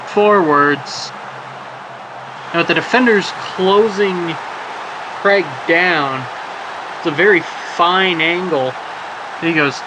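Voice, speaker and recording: A man calling a soccer match play by play, jokey and rambling between plays and surging on chances. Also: high-pitched. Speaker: play-by-play commentator. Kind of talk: sports commentary of a simulated soccer match. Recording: background noise.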